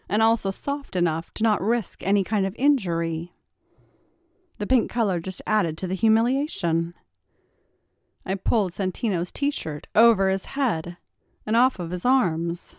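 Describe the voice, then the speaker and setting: A woman's voice: medium pitch, darkish tone, dry recording, studio quality. Teasing woman narrating a story. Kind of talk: scripted first-person story narration.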